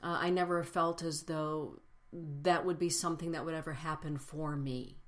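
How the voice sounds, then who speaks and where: A woman giving a personal spiritual talk to a congregation, speaking reflectively and building lists with slow, emphatic phrases. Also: low-pitched, steady tone.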